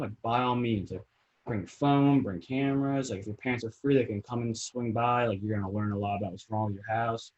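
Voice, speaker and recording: A young man from New Jersey with a Jersey accent, chatting casually as a realtor guest, rambling and animated, with lots of "like". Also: medium pitch, brisk, muffled recording. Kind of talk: casual podcast chat.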